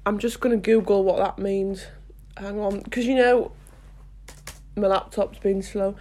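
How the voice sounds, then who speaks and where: A woman's voice: medium pitch, steady tone, measured pace, dark tone. A woman reading a storybook aloud at home, with chatty self-mocking asides, no proper microphone. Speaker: audiobook reader. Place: home, no studio. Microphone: basic home setup, no proper mic.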